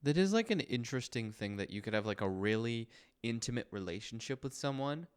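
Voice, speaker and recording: A young man co-hosts a podcast in easy, joking chat that wanders from one thought to the next. His voice is smooth and resonant and sits at an ordinary pitch for a man. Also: a little fast. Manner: relaxed, joking, rambling. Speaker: podcast co-host. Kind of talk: casual chat.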